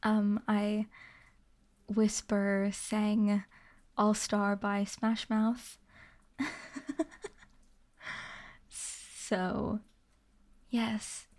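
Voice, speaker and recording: A woman chatting softly as an ASMR streamer, giggly and slipping into whispers as she talks to viewers on a close mic. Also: medium pitch, little pitch movement, drawn-out words, pauses often. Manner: giggly, reads chat aloud and thanks viewers; drifts into whispers. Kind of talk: soft-spoken ASMR chat.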